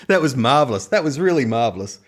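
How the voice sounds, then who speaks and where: An Australian man co-hosting a podcast, telling an animated story in casual chat with frequent laughter. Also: mid-range voice, moderate pace, slightly rough. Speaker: podcast co-host.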